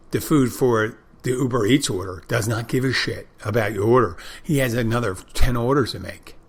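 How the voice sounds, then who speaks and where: Rambling, profane male podcast host. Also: lowish voice. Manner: rambling, profane storytelling with restarts. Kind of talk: casual monologue.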